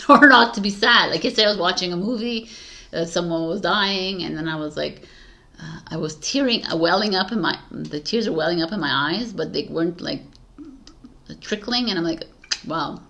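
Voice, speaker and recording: A woman's voice: on the low side, moderate pace, gravelly, bright, forceful tone. A woman talking as a tarot reader in a casual spiritual monologue, rambling with many fillers and frequent laughter.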